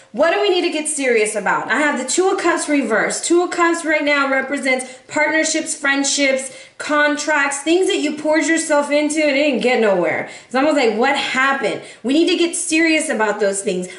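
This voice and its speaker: A woman giving a casual tarot reading, sassy and animated, talking straight to her viewers. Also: high voice, roomy sound. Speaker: tarot reader.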